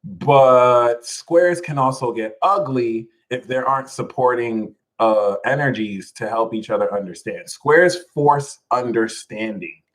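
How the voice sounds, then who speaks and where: A man giving a live astrology talk to his audience in an animated, jokey manner with plenty of swearing. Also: mid-range voice, a little slow, low-quality recording. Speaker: astrology reader.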